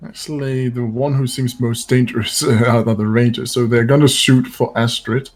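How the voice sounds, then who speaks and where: A man's voice: mid-range voice, level tone, moderate pace, darkish tone. A man narrating as dungeon master in a casual tabletop game, chatty and laughing, often restarting his sentences.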